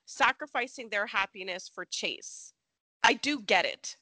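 A woman co-hosting a podcast in casual chat, animated and laughing often, saying "like" a lot. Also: mid-range voice, a little slow, dry recording. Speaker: podcast co-host. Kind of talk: casual chat recapping a soap opera.

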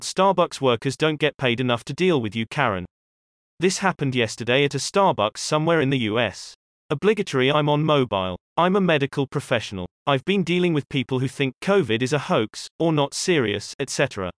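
A man reading posts from an online forum aloud in a steady, even storytelling manner. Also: mid-range voice, a little fast, dry recording, clean studio sound. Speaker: story reader.

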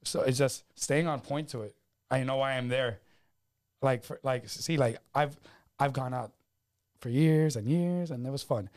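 A man co-hosts a podcast in a loose, joking style with plenty of swearing. His voice has an ordinary middle pitch, and the banter is easy and unpolished. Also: a little slow, darkish tone. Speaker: podcast host. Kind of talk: casual podcast chat.

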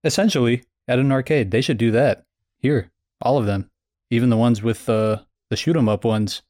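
A man on a podcast, describing things in casual chat with eager, animated talk. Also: medium pitch, normal speed, no room sound, clean studio sound.

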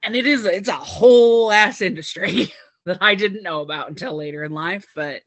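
A man from Utah talking in a casual chat, rambling and relaxed with fillers. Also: high-pitched, normal speed, no echo.

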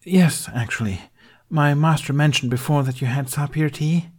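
A man's voice: on the high side, normal speed, husky, pitched above the performer's own voice. A man voicing a young male Jedi apprentice who is earnest, polite and hesitant.

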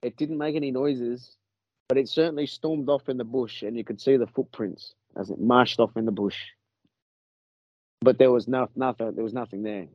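Animated Australian man telling a story. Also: medium pitch, normal speed, dry recording. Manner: animated, swears freely, laughs through his story. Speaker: podcast guest. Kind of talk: casual storytelling. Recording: muffled lo-fi, dry.

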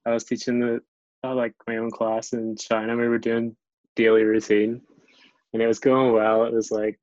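Relaxed Northern Irish man, dry muffled sound. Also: medium pitch, moderate pace, dry recording. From Northern Ireland. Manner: relaxed, self-deprecating, frequent restarts. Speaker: guest, English teacher abroad. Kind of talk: casual chat. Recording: dull lo-fi recording, dry.

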